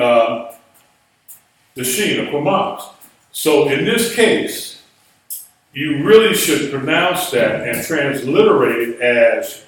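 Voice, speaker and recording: In an echoey classroom, far from the mic and with slight background noise, a man patiently lectures on Biblical Hebrew, explaining rules and spelling out words letter by letter. His voice is mid-range and a bit bright.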